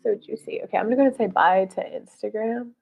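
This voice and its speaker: A woman's voice: medium pitch, fairly quick, creaky, a little mellow. A woman hosting a live stream, giving conversational psychic readings and responding to viewer comments. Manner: chatty, relays guidance in a conversational flow.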